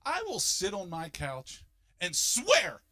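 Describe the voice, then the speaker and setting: A fifty-something man works a stand-up set, his voice swinging widely up and down. His tone is bright and forceful, and he leaps into loud, overblown voices to sell the jokes. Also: high-pitched, slow pace. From Philadelphia, United States. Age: 50s. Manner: animated, jumps into loud exaggerated voices for punchlines. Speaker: stand-up comedian.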